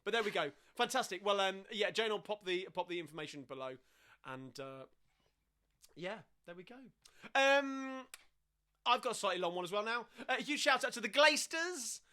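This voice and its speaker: A man's voice: sits high, lively intonation, moderate pace, bright, forceful tone. A man hosting a live-streamed sing-along from home, chatting between songs and reading out viewer messages, with lots of fillers and restarts. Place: at home during lockdown.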